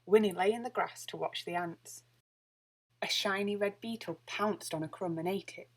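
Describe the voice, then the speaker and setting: A woman's voice: mid-range voice, normal speed. Woman reading a children's story. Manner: lively expressive storytelling. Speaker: storybook reader. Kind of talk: reading a children's picture book aloud.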